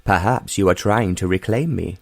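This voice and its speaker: A male audiobook reader voicing an arrogant young gentleman who teases in a mocking drawl. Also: deep voice, moderate pace, gravelly, no room sound. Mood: teasing.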